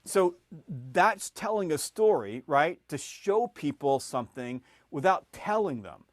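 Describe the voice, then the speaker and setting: A middle-aged man with a fairly high voice spins an animated sales story as a podcast guest. His volume and pitch climb as the tale builds, and his words often tumble into quick restarts. The sound is close and dry, with no room around it. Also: dry recording.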